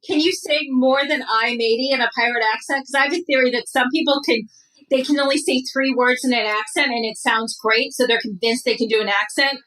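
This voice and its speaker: A woman as a podcast guest in casual chat, joking and animated as she tells stories. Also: high-pitched, fairly quick, distant mic, rough recording.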